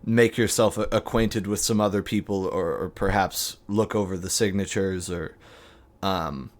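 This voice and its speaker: A man voicing a former mobster who speaks with halting, overly formal politeness. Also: deep voice, natural voice. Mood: gruff, formal.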